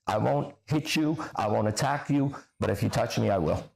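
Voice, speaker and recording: A man's voice: lowish voice, moderate pace, vocal fry, a little mellow. A man hosting a livestream, answering chat comments in a confrontational, profane, lecturing way. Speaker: host.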